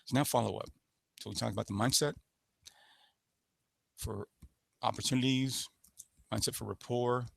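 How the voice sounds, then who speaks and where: A man's voice: mid-range voice, fairly even intonation, normal speed, creaky, pauses often, no echo. A man presenting a sales-skills webinar in a coaching manner, showing voice patterns with sample phrases. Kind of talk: instructional webinar talk.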